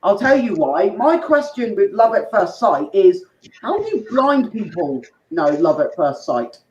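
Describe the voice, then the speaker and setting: A man's voice: high-pitched, very animated, a little slow, darkish tone. A man doing an open mic stand-up set, telling crude rambling stories with asides to the crowd. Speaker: stand-up comedian. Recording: echoey room, muffled dull sound, faint noise.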